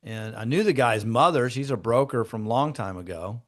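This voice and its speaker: A man's voice: medium pitch, animated, normal speed, fairly bright tone. Conversational man teaching a room of agents. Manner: conversational, acts out client dialogue in shifting tones. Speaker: real estate broker leading a training session. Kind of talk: instructive storytelling to a group.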